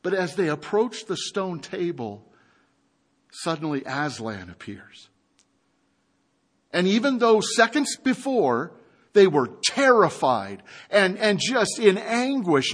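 Brief: male pastor, high voice, unhurried sermon delivery, lively storyteller asking the room questions. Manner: animated storytelling with rhetorical questions.

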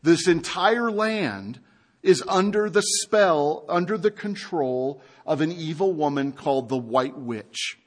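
A man preaching a sermon, retelling a story with animated rhetorical questions to his congregation. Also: on the high side, slow. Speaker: pastor.

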